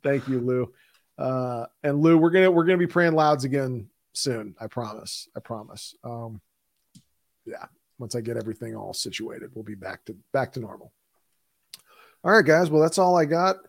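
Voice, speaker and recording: A man's voice: medium pitch, normal speed, no room sound. A man with a Texan accent, co-hosting a podcast in loose, joking casual chat and laughing easily. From Texas. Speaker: podcast co-host.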